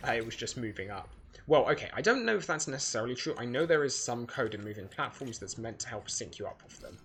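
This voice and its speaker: A man's voice: lowish voice, gravelly, fairly bright tone. A man giving casual speedrun commentary while playing, rambling and correcting himself as he thinks aloud. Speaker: gaming video creator.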